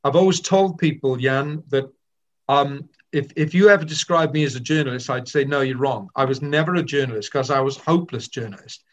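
A man's voice: mid-range voice, a little fast. An older man, a veteran sports broadcaster, telling self-deprecating stories in an interview. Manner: anecdotal and self-deprecating, with frequent restarts. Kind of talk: reflective interview storytelling. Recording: slightly dull lo-fi sound.

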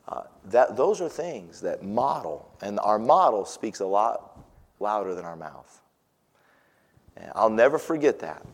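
A pastor telling a personal story in a sermon, animated, swinging from loud exclamations to hushed, tender passages. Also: male voice, lowish voice, a little slow.

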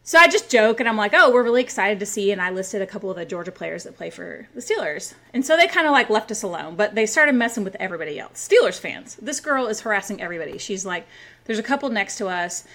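A woman in her forties telling a story in casual podcast chat, rowdy and animated, with plenty of asides. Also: mid-range voice, quick pace. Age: 40s. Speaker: podcast co-host.

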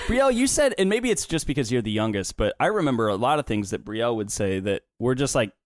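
A man's voice: sing-song, brisk, no echo, clean studio sound. A young man chatting with his family on a podcast, opinionated and getting worked up. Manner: opinionated, ranting, rising pitch when worked up. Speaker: son, podcast co-host. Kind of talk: casual family chat.

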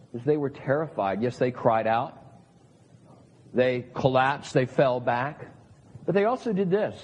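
A man's voice: on the high side, a little mellow, breathy edge. A middle-aged man, a pastor, preaching an earnest sermon and acting out the voices of the people he quotes. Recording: long hall reverb.

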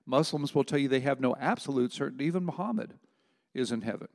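A man's voice: mid-range voice, expressive, fast talker, a little mellow, in a large hall. A man preaching a sermon, emphatic and conversational, with rhetorical asides to his listeners.

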